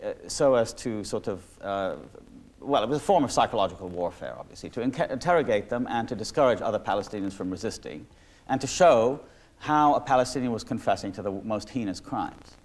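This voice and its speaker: A man's voice: fairly low pitch, animated, a little fast. Discursive man in a reflective interview. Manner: discursive, many restarts and asides. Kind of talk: reflective conversational talk. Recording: 1986 archival talk recording.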